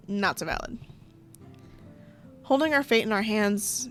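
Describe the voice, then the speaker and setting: A woman's voice: mid-range voice, lively intonation, measured pace, long pauses, fairly bright tone, faint music behind. A young woman playing through a game, reading its text aloud and breaking off for playful, sarcastic comments. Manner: playful, chatty, sarcastic asides, frequent laughter. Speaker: game streamer.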